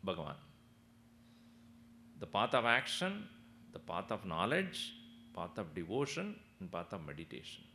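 Male spiritual teacher, expressive sing-song delivery with a gravelly edge. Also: medium pitch, slight background noise. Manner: animated, chuckling, asks the audience questions. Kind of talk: discourse with storytelling.

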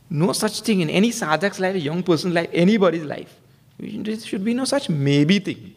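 A man's voice: animated, moderate pace. A man giving a humorous sermon as a spiritual teacher, telling stories and acting out quotes with emphatic stress. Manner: humorous storytelling with acted quotes; emphatic, rising pitch for stress.

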